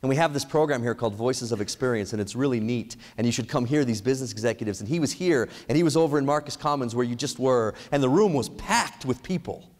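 Energetic man speaking in an echoey hall. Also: medium pitch, quick pace, hardly any pauses. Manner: energetic, asks the audience many questions. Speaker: speaker at an ethics event. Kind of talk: motivational speech.

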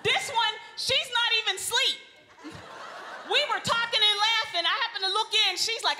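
Lively woman storyteller at a live event, high and bright, laughing with the crowd. Reverberant hall. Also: moderate pace, slight background noise. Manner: animated, laughing, addresses the crowd. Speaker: speaker at a women's event. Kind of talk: comic storytelling to a live audience. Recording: live hall with long reverb, faint ambience.

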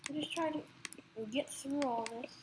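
A woman co-player in a casual gameplay video, talking in an excitable, panicky, pleading way. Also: sits high, moderate pace, background noise.

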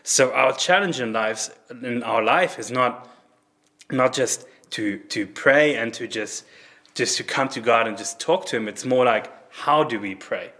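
A man's voice: medium pitch, measured pace, sharp tone. A man, a native German speaker, giving an earnest, conversational sermon at a church service, often restarting phrases and acting out prayers. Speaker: preacher.

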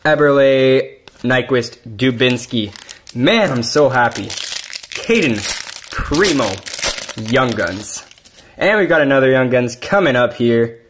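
An excitable man runs through a stack of cards at an unhurried, drawn-out pace, reading each name aloud. His pitch sits right in the middle for a man, and he breaks into loud shouts whenever he pulls something big. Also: a little hiss or hum. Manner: excitable, bursts into yelling over big pulls. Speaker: card-collecting YouTuber. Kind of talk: casual card-opening commentary.

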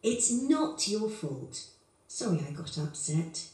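A woman's voice: medium pitch, big pitch swings, slow, darkish tone, recorded from a distance. A woman acting an apologetic speaker in a textbook dialogue. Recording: course audio played into an echoey room.

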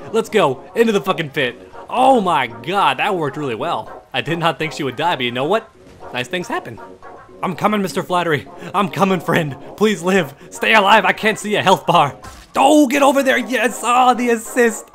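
A man giving live gameplay commentary as a channel host, taunting opponents and swearing, dropping low to mutter and then jumping up in excited yelps. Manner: trash-talking, taunting, swearing.

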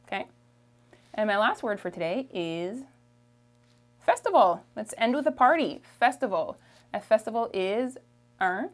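A woman's voice: a little high, very animated. A woman from Canada with a Canadian French accent, teaching a vocabulary lesson patiently and checking in with her viewers. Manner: patient, repeats each word slowly, checks in with "okay?". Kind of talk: slow language lesson.

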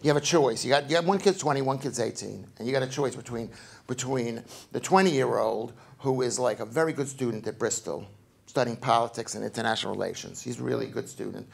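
A middle-aged man with a New York accent doing a live stand-up routine, rambling in a deadpan way and repeating his lines. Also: mid-range voice, quick pace, gravelly. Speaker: stand-up comedian. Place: comedy club on stage. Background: audience laughter.

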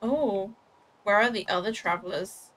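This young woman's voice is mid-range and fairly bright, with a measured pace. She's streaming a game and chatting casually to her viewers and herself, making self-mocking jokes about her clumsy play.

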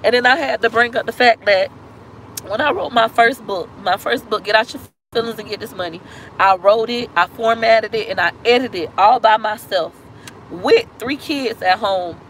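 A woman's voice: medium pitch, a bit bright, slight background noise, low-quality recording. A woman vlogger telling a painful family story on a live stream, blunt and emotional, with casual slang and cursing. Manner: talks fast in bursts, slows down on hurtful points.

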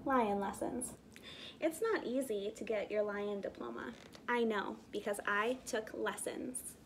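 Female preschool educator, gentle storyteller, unhurried and encouraging. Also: fairly high pitch, fairly even intonation, gravelly, background noise. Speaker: zoo conservation educator teaching preschoolers. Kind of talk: online preschool lesson and picture-book reading.

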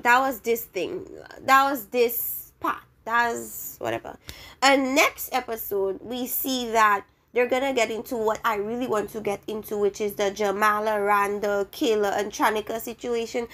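A young woman talks straight to her viewers in a casual, opinionated rant, easily exasperated. Her voice sits a little higher than most women's. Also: fairly bright tone. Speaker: reality TV reviewer.

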